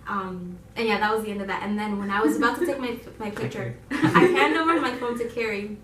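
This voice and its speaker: A woman's voice: mid-range voice, a little fast, slight background noise. Giggly young woman telling a story in a roomy space. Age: young adult. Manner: animated, giggly, quotes herself in excited voices. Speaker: YouTube channel co-host. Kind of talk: casual storytelling to viewers. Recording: roomy echo, voice from a distance.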